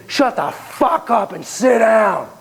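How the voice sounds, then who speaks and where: A man's voice: a little high, big pitch swings, fairly quick. A man voicing a furious, cursing stepfather while telling a story. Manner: yelling, cursing, threatening.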